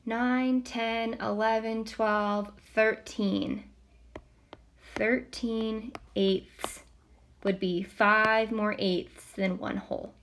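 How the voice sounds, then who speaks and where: A woman teacher walking students through a recorded math lesson step by step, patient, counting aloud softly as she works. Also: fairly high pitch, little pitch movement, drawn-out words.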